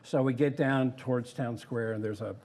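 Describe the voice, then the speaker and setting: An older man who once designed theme parks tells anecdotes in a casual interview, vividly acting out what others said. His voice is medium-pitched at a moderate pace, with a little hiss or hum.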